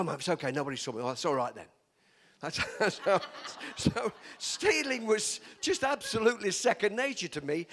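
A man's voice: high voice, a bit bright. An older man from England, preaching a chatty sermon full of stories, laughing often and teasing his listeners.

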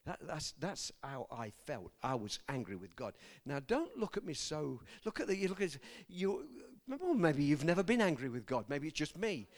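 Man, preacher, testimony sermon, earnest, rather high voice, very expressive pitch, asks the congregation questions. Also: normal speed, few pauses. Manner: earnest, speaks straight to the congregation with asides and questions.

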